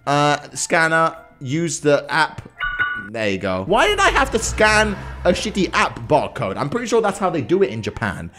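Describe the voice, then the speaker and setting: Man, let's play commentary, swearing and mock-rude, very lively pitch, faint music. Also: normal speed. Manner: loud, crude, mock-rude running commentary. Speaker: gaming YouTuber.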